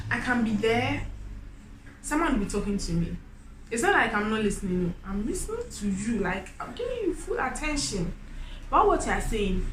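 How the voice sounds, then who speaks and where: A young woman telling her own story in an expressive way, jumping from loud exclamations to quiet, low confiding. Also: a little hiss or hum. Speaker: vlogger. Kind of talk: personal storytelling. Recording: echoey room.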